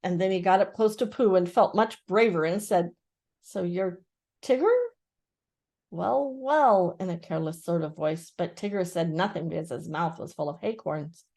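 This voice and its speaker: An older woman gently and expressively reading a children's book aloud. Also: fairly low pitch, fairly quick, hardly any pauses. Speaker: storyteller.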